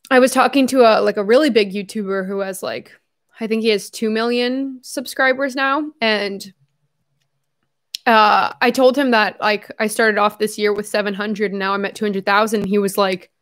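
Chatty young woman, fairly high voice. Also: fairly bright tone. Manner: chatty, rambling, laughs often, many fillers. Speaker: YouTuber hosting a livestream. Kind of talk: casual livestream chat.

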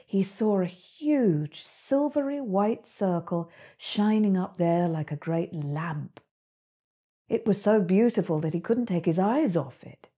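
A woman, the author, reading her own children's book aloud in a gentle, expressive storytelling voice. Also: lowish voice, breathy edge.

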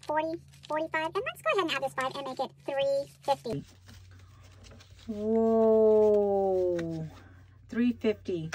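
A woman's voice: fairly high pitch, slight background noise. A woman hosting a budgeting vlog, chatting casually with many fillers while counting out cash. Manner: bubbly excited exclamations.

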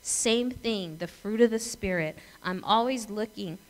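A woman's voice: mid-range voice, measured pace, poor audio. Chatty middle-aged woman pastor preaching. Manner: chatty storytelling, asks the congregation questions; acts out voices and laughs in her stories. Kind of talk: conversational sermon.

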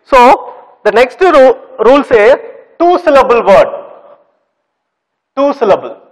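High-voiced teacher, echoey room. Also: male voice, big pitch swings, slow. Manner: repetitive, spells words out, quizzes students. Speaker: English teacher. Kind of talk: classroom grammar lesson. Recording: long reverb, echoey room.

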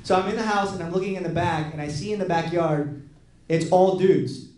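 A man performing stand-up comedy, telling a story and acting out the other people's lines in an animated way. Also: high voice, brisk. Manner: animated, acts out quoted voices. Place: comedy club stage with live audience. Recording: echoey club with crowd laughter.

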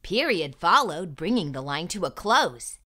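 A woman reading a picture book aloud to children in an animated, sing-song manner. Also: lowish voice, a little slow. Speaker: children's storyteller.

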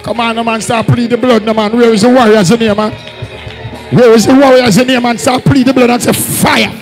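A Jamaican man leading a fiery Pentecostal service, shouting repeated calls to the congregation. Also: extremely high pitch, fairly even intonation, fairly quick, soft background music, low-quality recording. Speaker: apostle leading a church service. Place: church hall during a live service.

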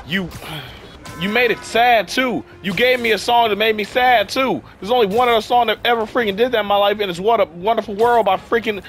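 A young gaming YouTuber, sick and a little worn-sounding, rants in exasperation during casual gameplay commentary, saying "freaking" constantly. His voice is high and fairly bright, a little fast, with faint music behind.

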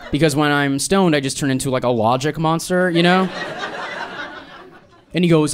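A man in his thirties performing a stand-up set, telling a story in a dry, deadpan way and slipping into exaggerated voices for quotes. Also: mid-range voice, quick pace. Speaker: stand-up comedian. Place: live comedy club with audience laughter. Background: audience laughter.

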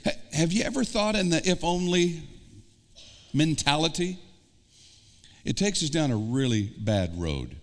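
A man's voice: fairly high pitch, big pitch swings, a little slow, pauses often. A man with an American Midwestern accent, preaching an earnest sermon as pastor and putting questions straight to his congregation. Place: church sanctuary. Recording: long church reverb.

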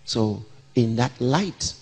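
A man's voice: mid-range voice, lively intonation, takes it slowly, gravelly, darkish tone, slightly rough. A man in his sixties, a pastor, preaching a sermon by asking questions and answering them himself. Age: 60s. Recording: long reverb of a large hall.

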